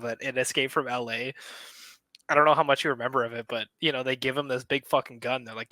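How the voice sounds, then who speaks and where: A young man on a casual film podcast, his voice bright and forward. He talks excitably, swears freely and laughs as he retells scenes, recorded dry and close. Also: medium pitch, vocal fry, no echo, low-quality recording. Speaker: podcast co-host.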